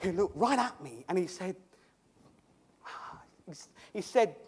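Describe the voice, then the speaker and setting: A man's voice: high-pitched, expressive, slow pace, darkish tone, breathy edge, full character voice. A man playing a cheerful once-lame man in a comic theatrical monologue, stammering and chuckling as he tells his tale. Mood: chatty, comic. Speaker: actor in a monologue.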